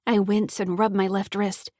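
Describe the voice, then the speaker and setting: A frightened teenage girl tells her own story in a shaky, pleading voice, as a woman reads the audiobook. Her pitch sits in the middle and the sound is dry and close to the mic. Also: flat delivery, moderate pace, mellow, dry recording, natural voice. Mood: tense. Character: frightened teenage granddaughter, first-person narrator. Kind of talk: audiobook narration.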